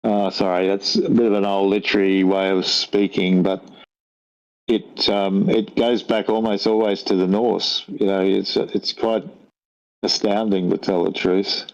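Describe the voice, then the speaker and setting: An older Australian man with a lowish voice talks casually and wanders through his thoughts, often stopping to correct himself. The recording is dull and lo-fi, with the top end muffled. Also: flat delivery, measured pace. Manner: rambling, thoughtful, self-correcting. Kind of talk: casual conversation. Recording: dull lo-fi audio.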